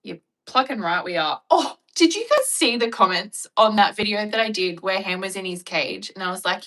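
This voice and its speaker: A young Australian woman chatting casually and bluntly with her viewers, joking and acting out animated retellings. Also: mid-range voice, moderate pace, few pauses, poor audio. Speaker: vlogger. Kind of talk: casual chat reacting to viewer comments.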